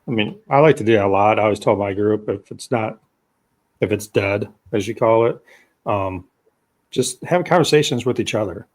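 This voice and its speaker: A man hosts a podcast and talks in a loose, conversational way, filling his talk with fillers. His voice sits fairly low. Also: normal speed. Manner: rambling, filler-heavy. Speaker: podcast host. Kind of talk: casual interview chat.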